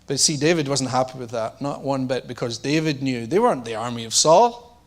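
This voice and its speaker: A man preaching a sermon, who acts out the lines of the characters and drops to a low, intense voice to press a point. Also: animated, a little fast.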